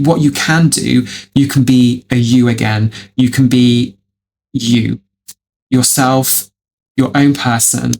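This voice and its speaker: A man with a gravelly, creaky voice reacts to online stories as a video host. He is dramatic and swears freely, and he calls the listener darling over and over. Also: mid-range voice, slight background noise.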